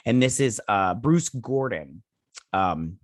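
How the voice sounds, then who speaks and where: A man's voice: lowish voice, lively intonation, takes it slowly, no echo, studio quality. A man casually recapping and reviewing a TV episode, rambling through scenes with quoted lines and lots of fillers. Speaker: host.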